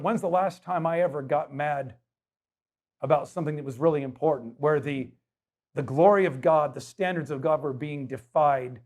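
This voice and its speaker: A man preaching a sermon as pastor, emphatic and conversational, putting rhetorical questions to his congregation. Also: fairly high pitch.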